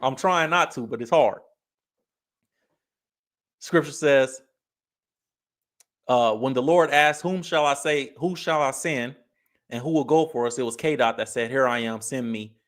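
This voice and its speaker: A man's voice: mid-range voice, unhurried, pauses often, fairly bright tone. A man from California hosting a casual livestream, laid-back, laughing often as he reads chat comments aloud. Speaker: livestream host.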